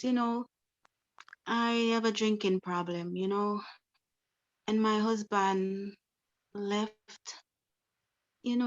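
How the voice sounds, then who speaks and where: A woman's voice: medium pitch, highs cut off. A woman playing a troubled client in a counseling role-play. She speaks repetitively and keeps filling her speech with the same phrases. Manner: repetitive, leans on "you know". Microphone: video call.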